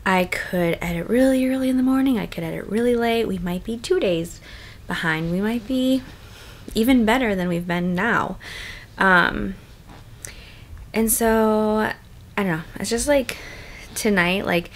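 A pregnant young woman vlogging in casual chat, chatty and full of fillers, often quiet and hushed. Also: mid-range voice, measured pace, long pauses. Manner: chatty, many likes and ums, hushed late at night.

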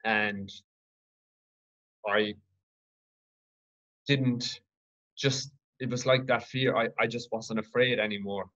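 A man from Ireland hosting his own podcast, telling a personal story in an earnest, reflective, halting way. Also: on the low side, fairly even intonation, bright, forceful tone, muffled recording. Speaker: podcast host.

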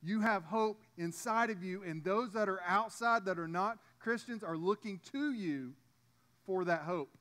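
A man's voice: high voice, a little slow, fairly bright tone. A man preaching a sermon as pastor, in a conversational way with frequent restarts and asides to the congregation.

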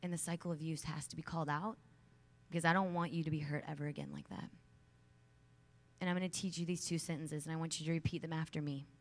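On a large conference stage, a woman in her thirties gives a motivational talk to a room of young women in a slightly low, steady voice. She is earnest and emphatic, but her storytelling turns casual and chatty, packed with "like," fillers, and quick asides.

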